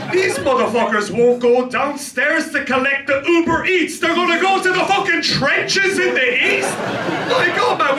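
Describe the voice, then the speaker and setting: A male stand-up comedian working a club crowd, animated and laughing between jokes. His voice sits very high and swings widely in pitch. The recording is roomy and distant, with clear noise around it. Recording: echoey room, distant, noisy.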